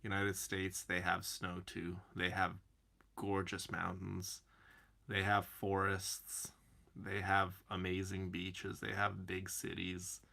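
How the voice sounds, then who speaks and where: A man's voice: low-pitched, monotone, takes it slowly, gravelly, sharp tone. A man streaming and chatting casually with his viewers, rambling and calling them by name. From Canada. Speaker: streamer answering chat. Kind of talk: casual chat.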